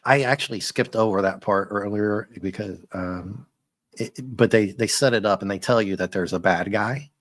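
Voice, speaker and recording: A man's voice: on the low side, moderate pace, no room sound, clean studio sound. A man co-hosting a casual comic book review, joking and laughing often as he talks. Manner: laughs often, animated and jokey. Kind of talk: casual conversational chat.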